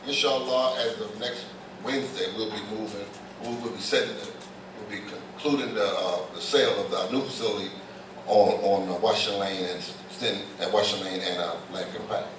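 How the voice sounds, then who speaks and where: A man's voice: on the low side, steady tone, a little fast, background noise. An older man, an imam, giving a sermon to his congregation, often restarting and repeating words as he explains verses. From United States. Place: large mosque prayer hall. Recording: echoey hall recording from far off.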